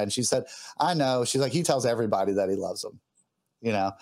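A man's voice: medium pitch, fast, a little mellow. A man, a guest musician, telling a personal story in an earnest, heartfelt way, often stopping and restarting as he gets emotional.

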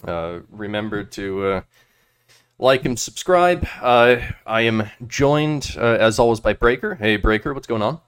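A man's voice: fairly low pitch, animated, unhurried, fairly bright tone, clear, resonant tone. A man hosting a casual political podcast, talking hesitantly with constant filler sounds. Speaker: podcast host.

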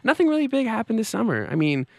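Animated young male comedy host. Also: high-pitched, fast, vocal fry, dry recording. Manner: animated, joking, swings into put-on voices. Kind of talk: comedic monologue. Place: New York City.

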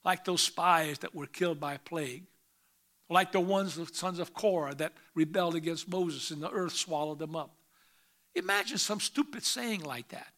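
Pastor, male, high bright voice, preaching with loud bursts and quiet asides. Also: normal speed. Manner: reads scripture aloud in old English. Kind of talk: sermon.

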